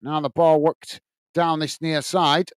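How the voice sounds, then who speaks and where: A British man hosts a live football watch-along, commentating on the match and chatting to viewers, often calling them mate amid plenty of fillers. His voice is a little high, slow, clear and resonant, with little pitch movement and no room sound.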